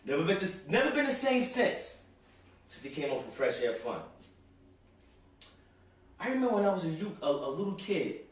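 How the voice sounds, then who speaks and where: A man's voice: fairly high pitch, very animated, a little fast, long pauses, a little mellow. A young man delivering a rambling comic rant to camera, stumbling and repeating himself with constant "you know"s. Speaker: host. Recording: very echoey room, far from mic.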